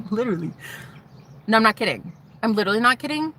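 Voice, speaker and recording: A woman vlogger telling her personal story to camera, animated and sassy, swearing freely and calling the viewer "honey". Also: fairly high pitch, very fast, slight background noise. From United States. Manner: swears freely, shouts mocking retorts.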